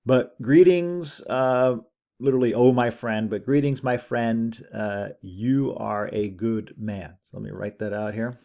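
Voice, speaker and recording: A man teaching an introductory Latin class in a relaxed, conversational lecture, thinking aloud as he goes. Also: mid-range voice, measured pace, vocal fry. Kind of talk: recorded lecture over screen share.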